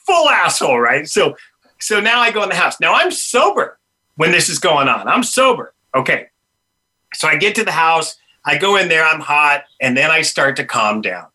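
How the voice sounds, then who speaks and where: An older man telling a funny personal story in a casual chat, laughing often and acting out what people said. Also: high voice. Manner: animated, laughs often, acts out dialogue. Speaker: podcast guest, punk musician.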